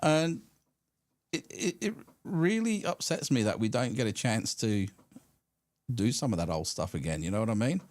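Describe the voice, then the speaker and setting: Chatty low-voiced man hosting a live stream. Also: big pitch swings, moderate pace, a little mellow, no room sound. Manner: chatty storyteller, mimics radio hosts and callers. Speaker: podcast co-host. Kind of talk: casual live-stream chat. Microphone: studio mic through a mixer.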